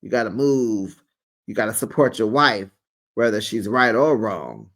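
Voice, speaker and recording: A man's voice: lowish voice, lively intonation, a little slow, a bit bright. Sassy man recapping reality TV. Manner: sassy, playful gossip with slang asides. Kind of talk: casual TV recap commentary.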